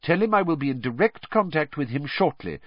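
A man's voice: on the high side, big pitch swings, brisk, dry recording, voice pushed up. Dumbledore, a man voicing a commanding old wizard. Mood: grave. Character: wise old male headmaster, calm, commanding. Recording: dull lo-fi recording.

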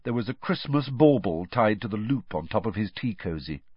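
A man narrating a storybook with expressive storytelling. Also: fairly low pitch, normal speed, husky, no echo. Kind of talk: audiobook reading with character voices. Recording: dull dry lo-fi.

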